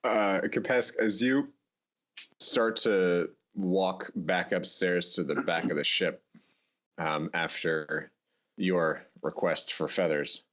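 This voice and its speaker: Low-voiced man running a tabletop game. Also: slow. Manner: relaxed, laughs often. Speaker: game master.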